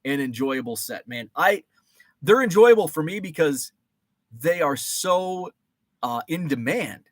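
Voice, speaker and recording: A man's voice: a little high, lively intonation, a little slow, no room sound, clean studio sound. Chatty man hosting a rambling livestream. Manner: rambling, reads viewer comments aloud. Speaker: host. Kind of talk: casual livestream chat.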